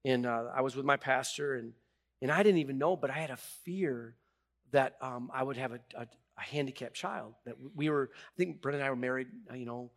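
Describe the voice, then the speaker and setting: A middle-aged man, a pastor preaching a sermon, who swings from hushed confession to loud, rising emphasis and halts and repeats words when moved. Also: medium pitch, fairly quick.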